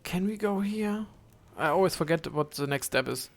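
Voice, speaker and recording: His voice sits high with lively intonation as this young man rambles over a game stream. The casual commentary stumbles along with frequent fillers and restarts, plus some cursing.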